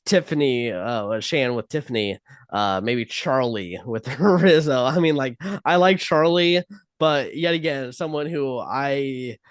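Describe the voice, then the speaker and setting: A man's voice: medium pitch, a little slow, dry recording. Casual man co-hosting a podcast. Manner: loose, filler-heavy talk. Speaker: podcast co-host. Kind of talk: casual chat.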